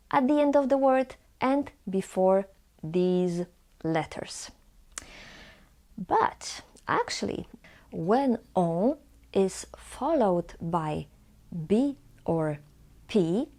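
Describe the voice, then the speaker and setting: A woman with a Polish accent teaching pronunciation, speaking slowly and carefully and saying each example word twice. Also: medium pitch, expressive, warm tone. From Poland. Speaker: language teacher. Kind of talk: pronunciation lesson.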